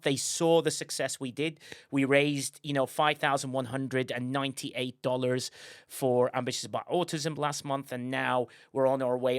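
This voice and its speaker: A man's voice: medium pitch, smooth, dry recording, studio quality. A man hosting a casual livestream, rambling with many fillers and repeats. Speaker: livestream host.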